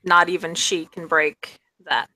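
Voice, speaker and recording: A woman describes her character's actions in a casual tabletop game, full of hesitant fillers. Her voice is low for a woman, bright and forceful. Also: steady tone, unhurried, a little hiss or hum, low-quality recording. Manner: casual, filler-heavy narration. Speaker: tabletop player. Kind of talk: casual tabletop role-play.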